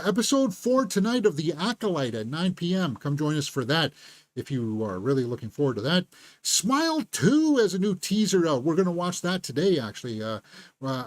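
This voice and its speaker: A man's voice: on the high side, dry recording. A man hosting a casual movie news live stream, rambling with many fillers and restarts.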